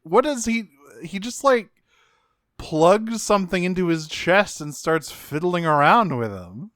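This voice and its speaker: Smooth-voiced man recapping a cartoon. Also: high-pitched, measured pace, dry recording, clean studio sound. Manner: animated, swears a lot, acts out quotes in jokey voices. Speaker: podcast co-host. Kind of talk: casual chat recapping a cartoon.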